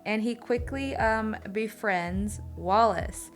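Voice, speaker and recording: A woman in easy, casual conversation, recounting a story in loving detail with animated enthusiasm. She speaks at an ordinary middle pitch, with faint music audible underneath. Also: slow. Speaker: co-host of a drawing channel. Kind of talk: casual chat while drawing.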